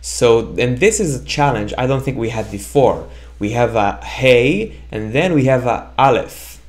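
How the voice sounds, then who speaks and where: Male language teacher, unhurried delivery, expressive rise and fall, repeats sounds for learners to echo. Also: mid-range voice. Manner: repeats sounds slowly for the learner to echo, often checks with "right?". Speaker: Hebrew teacher. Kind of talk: slow, patient language lesson.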